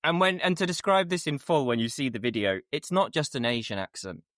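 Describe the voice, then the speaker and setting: A man co-hosting a podcast, making wry, quick asides in casual chat. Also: medium pitch, expressive, fairly bright tone, no room sound, studio quality. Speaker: podcast co-host.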